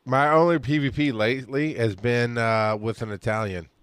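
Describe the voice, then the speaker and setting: A man's voice: mid-range voice, fairly even intonation, moderate pace, fairly bright tone, smooth, no echo. Podcast co-host, man, mid voice, dry close mic, jokey and teasing. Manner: joking, teasing, breaks into put-on voices. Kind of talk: casual podcast chat.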